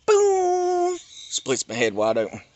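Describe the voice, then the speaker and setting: A middle-aged man from North Carolina, telling a personal story in an animated, emphatic rant. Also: medium pitch, brisk. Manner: animated, emphatic, swings between loud and hushed. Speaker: YouTuber.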